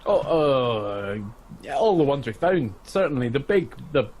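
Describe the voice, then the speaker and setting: A man's voice: mid-range voice, very animated, measured pace, a little mellow. A man playing a tabletop game, speaking casually and in character. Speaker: player.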